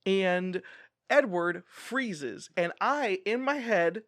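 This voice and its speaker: A man with a bright, high-pitched voice gives a casual, rambling book recap full of animated asides. He is recorded close to the mic with a dry sound and no room echo around him. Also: drawn-out words. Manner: chatty and animated, bursting into laughter. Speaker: book reviewer.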